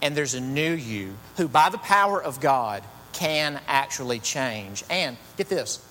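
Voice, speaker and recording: A man's voice: mid-range voice, expressive, unhurried, pushed and bright. A man preaching a sermon in a conversational, storytelling way with chatty asides. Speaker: pastor. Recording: long reverb, faint hum.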